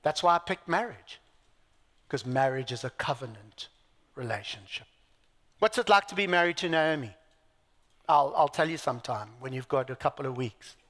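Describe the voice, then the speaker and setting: A man's voice: a little high, a bit bright, long reverb tail. A man preaching a sermon, emphatic, asking his listeners rhetorical questions, with dry self-deprecating asides. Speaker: pastor.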